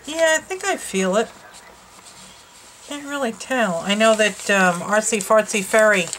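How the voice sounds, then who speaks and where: A woman's voice: on the low side, fairly bright tone, a little hiss or hum, poor audio. A woman hosting a casual craft unboxing vlog at home, gushing and exclaiming over each item. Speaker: craft channel host. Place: her home.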